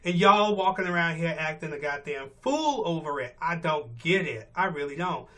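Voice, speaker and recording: A man's voice: fairly high pitch, normal speed, fairly bright tone. A male vlogger giving blunt, profane, exasperated rant commentary from his car on a morning commute. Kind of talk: ranting commentary.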